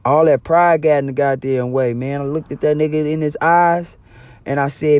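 A man's voice: a little high, steady tone, normal speed, darkish tone, clear, resonant tone, no echo, muffled recording. A young man telling a personal story to the camera, casual, slangy and full of profanity. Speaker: storyteller vlogger.

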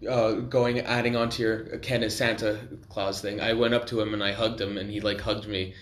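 Excitable rambling young man, echoey room. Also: fairly low pitch, normal speed, slight background noise. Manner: rambling, excitable, many restarts. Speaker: podcast co-host. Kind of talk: casual chat.

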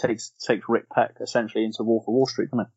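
Male co-host, husky and low, rambling and hesitant; lo-fi audio. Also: little pitch movement, quick pace, a little mellow. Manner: rambling, hesitant, many ums and restarts. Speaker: podcast co-host. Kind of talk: casual film discussion. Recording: dull lo-fi podcast audio.

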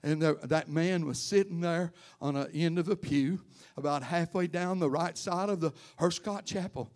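Preaching to his congregation in church, a male pastor tells stories and calls out members by name before building to loud, fervent preaching. His voice is on the high side, at a moderate pace.

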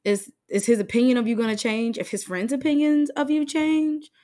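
A woman in casual chat, brash and animated, often breaking into laughter. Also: fairly high pitch, moderate pace.

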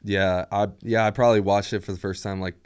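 A young man co-hosting a podcast in easygoing, meandering chat, often trailing off into fillers. His voice sits very low, and it comes across smooth and resonant. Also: little pitch movement, brisk. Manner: laid-back, laughing, trails off with fillers. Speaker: podcast co-host. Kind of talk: casual chat.

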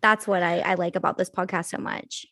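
A woman's voice: on the low side, steady tone, fairly quick, a bit bright, no echo, studio quality. A young woman co-hosting a podcast, laid-back in casual chat and swearing casually. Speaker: podcast co-host.

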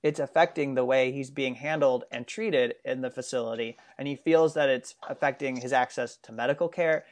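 This political commentary co-host, an American man, speaks earnestly in a casual political discussion, rambling and restarting often. His voice is mid-range, delivered at normal speed with few pauses.

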